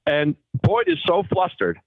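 A man tells long golf stories on a call, slipping into the voices of the people he quotes. His voice has a middle pitch and comes through a thin, phone-like line that sounds dry and close, with no room around it. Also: a little slow, dry recording. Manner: animated storyteller acting out quoted voices. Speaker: guest golfer. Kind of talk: casual storytelling.

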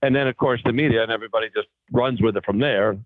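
A man tells long golf stories on a call, slipping into the voices of the people he quotes. His voice has a middle pitch and comes through a thin, phone-like line that sounds dry and close, with no room around it. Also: fast talker, no echo. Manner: animated storyteller acting out quoted voices. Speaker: guest golfer. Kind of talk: casual storytelling.

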